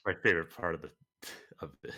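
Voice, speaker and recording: A man's voice: sits low, moderate pace, sharp tone, husky, dull audio. A man playing in a tabletop game, talking in a casual, joking way. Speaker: player. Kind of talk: casual tabletop role-play.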